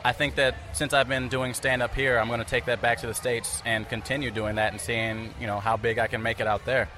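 A man's voice: mid-range voice, flat delivery, a little fast, bright, forceful tone. A man from California in a casual interview, talking about being a comedian in an upbeat, confident way.

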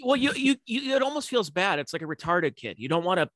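Bright-voiced man, chatty and laughing. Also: sits high, sing-song, fast, no room sound. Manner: laughs often, chatty anecdotes. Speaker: podcast co-host. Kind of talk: casual comedy podcast chat.

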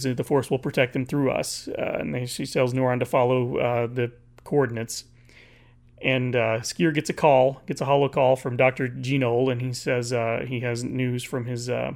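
A man casually recapping a comic book issue, reading its dialogue aloud in a halting way with many fillers and restarts. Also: medium pitch, gravelly.

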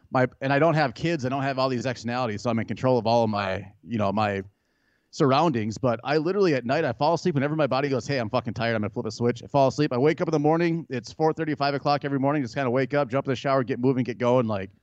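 Podcast co-host, man in his 30s, rapid-fire and cocky, profane. Dry, slightly muffled mic. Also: medium pitch, no echo. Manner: brash, profane, boastful. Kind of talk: casual sports chat.

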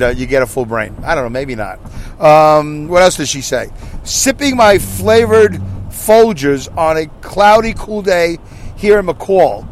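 A man's voice: on the high side, slight background noise, poor audio. A man hosting his podcast from inside his car, reading listener comments in a rambling, self-mocking way. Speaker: podcast host. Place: inside a car while driving.

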